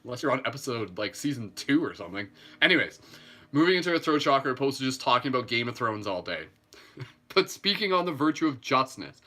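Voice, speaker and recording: Canadian male meditation host, clear bright tone, slow calm cues that drift into loose casual chatter. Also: medium pitch. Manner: slow, gentle breathing cues, then rambling chatty tangents with fillers. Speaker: meditation guide. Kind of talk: live guided meditation with casual asides.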